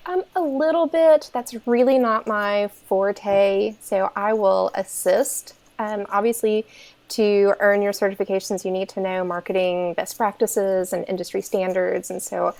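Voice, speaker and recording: Kentucky-accented woman guest, relaxed chatter, lots of "um", gravelly edges. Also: medium pitch, a little slow. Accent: Kentucky Southern US. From Kentucky, USA. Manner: easygoing, self-deprecating, many fillers. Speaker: podcast guest, consultant. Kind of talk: casual interview chat.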